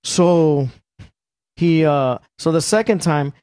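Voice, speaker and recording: Profane, animated middle-aged man telling stories. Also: fairly high pitch, slow, dry recording, clean studio sound. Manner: profane, animated storytelling with acted quotes. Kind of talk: casual chat.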